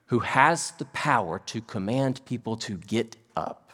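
A man's voice: medium pitch, normal speed, few pauses, husky. A male pastor preaching a sermon to a congregation in a church, putting questions to the listeners as he goes. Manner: animated, quizzes the congregation. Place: church sanctuary before a congregation. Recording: long hall reverb.

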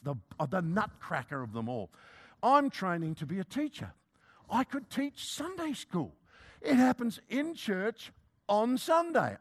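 An older preacher with a fairly high-pitched voice tells a sermon story about himself. He pokes fun at himself as he goes, and the congregation gets a laugh along the way. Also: a bit bright. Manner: humorous, self-mocking storytelling.

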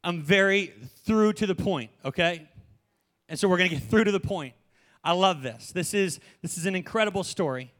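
A young man preaching a sermon in a joking, animated way, often laughing. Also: sits high, moderate pace. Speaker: pastor.

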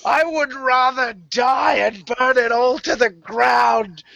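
A man's voice: slow, creaky, pushed and bright, dry recording, lo-fi sound, exaggerated voice. A man doing a screaming grief-mad clan leader woman. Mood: enraged screaming. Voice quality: shrill screaming when enraged.

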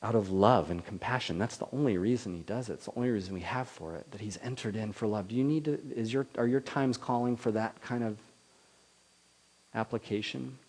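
A man preaching a sermon in a lively manner, swinging between loud declarations and soft, quiet asides, then leading a prayer. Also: fairly low pitch, a little fast, breathy edge. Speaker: pastor.

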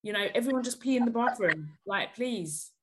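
A woman's voice: on the high side, animated, moderate pace, background noise. A woman hosting a podcast, giving blunt, emphatic advice in casual chat.

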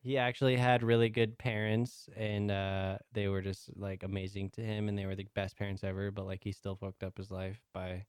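A man on a casual podcast, joking and telling stories in a deadpan way. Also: on the low side, normal speed, few pauses, clear, resonant tone, no room sound, studio quality. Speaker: podcast guest.

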